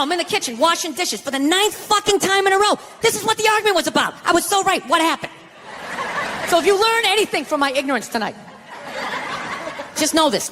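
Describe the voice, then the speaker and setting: A middle-aged American man doing a stand-up routine, ranting sarcastically and profanely, slipping into mocking voices. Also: very high voice. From United States. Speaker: stand-up comedian. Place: live comedy stage before an audience. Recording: live show with loud crowd noise.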